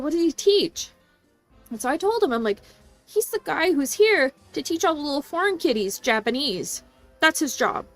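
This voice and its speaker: A woman's voice: high voice, fairly bright tone. A woman who works as an assistant language teacher, venting about her workday in casual chat, swearing and acting out what others said. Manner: venting, swearing, quoting people in voices.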